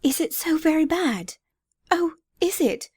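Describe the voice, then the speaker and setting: Voiced by a woman reading aloud, a pretty, flighty young mother cries out in a thin, very high, fluttering voice. She sounds breathless and pleading, like a storybook figure. The recording is close and dry. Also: lively intonation, measured pace, darkish tone, dry recording. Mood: frightened. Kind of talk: audiobook character voice.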